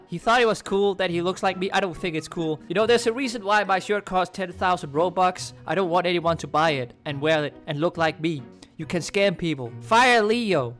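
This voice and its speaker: A man hosting a game channel, rambling excitably through casual gameplay commentary, talking back to other players and laughing often. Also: sits high. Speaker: gaming channel host.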